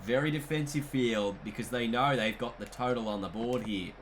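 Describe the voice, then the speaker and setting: Here a man with an Australian accent narrates his own cricket video game session, switching between play-by-play and excited side comments. He's a gaming commentator with a medium-pitched voice at normal speed, and there's slight background noise.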